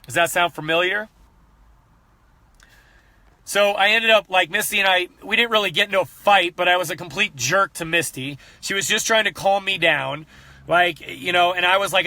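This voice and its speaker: A man in his thirties giving a candid motivational talk as a fitness coach, earnest and animated, repeating himself when he gets fired up. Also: high-pitched, moderate pace, dry recording.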